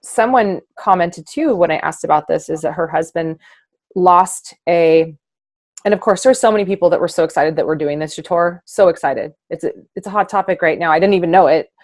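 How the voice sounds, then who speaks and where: A woman hosting a casual conversation, expressive and animated, acting out her own past thoughts with laughter. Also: lowish voice, fairly quick, dry recording. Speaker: host, naturopath.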